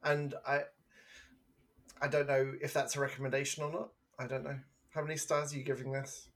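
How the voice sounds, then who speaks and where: A man's voice: medium pitch, little pitch movement, a little fast. A man co-hosting a podcast, chatting casually about a film in a rambling, self-deprecating way. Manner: rambling, self-deprecating, with sung and mimicked bits. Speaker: podcast co-host. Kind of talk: casual film review chat.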